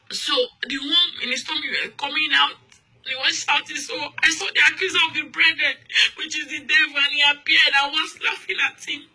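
A woman with a high, strikingly bright and piercing voice tells of a vision in an earnest, repetitive testimony. She pleads with her listeners in a fervent, exhorting manner. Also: low-quality recording. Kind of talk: emotional dream testimony.

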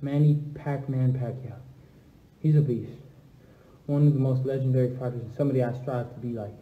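A young man chatting casually on a phone livestream alone in an empty house, shifting between low, subdued talk and loud, hyped trash talk. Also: steady tone, brisk, phone-quality sound. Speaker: livestream host answering fans. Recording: echoey room.

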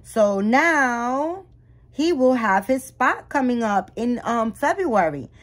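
A woman's voice: fairly high pitch, takes it slowly. Chatty woman doll-collecting vlogger. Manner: chatty, animated retelling with frequent restarts. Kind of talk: casual vlog storytelling.

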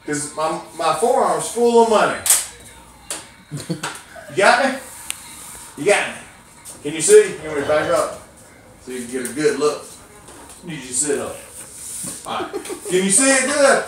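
A man's voice: on the high side, very animated, moderate pace, long pauses, slight background noise. A man performing as a children's clown and magician, teasing and coaxing a child in folksy playful banter. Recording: echoey room, mic far off.

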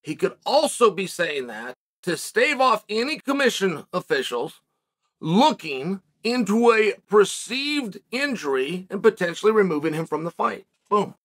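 Male host, commentary monologue, sharp bright tone, emphatic and sarcastic. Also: high voice, very animated, unhurried. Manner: emphatic, argumentative, sarcastic asides.

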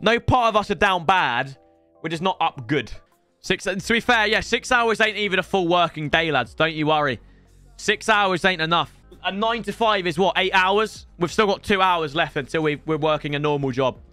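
A young man streaming for hours on a headset mic, tired, swearing and bantering with sudden shouts. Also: high-pitched, expressive, moderate pace, no room sound, faint music behind. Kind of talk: casual live-stream chat.

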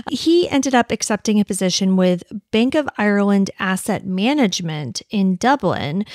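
A woman's voice: medium pitch, dry recording. Woman podcast host, chatty and apologetic, dry close mic. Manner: chatty, apologetic, laughs often. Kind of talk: casual true-crime podcast narration.

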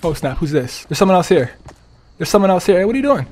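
A man's voice: sits high, very animated, quick pace, a little mellow. A young man giving playful, trolling gameplay commentary, laughing often. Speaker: gaming streamer.

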